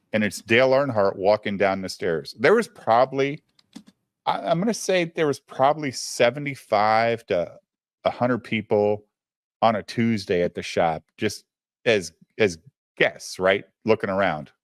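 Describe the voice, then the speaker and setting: A man's voice: on the low side, expressive, a little slow, dry recording, clean studio sound. A man telling a story in a casual, profane style, often addressing his listener directly.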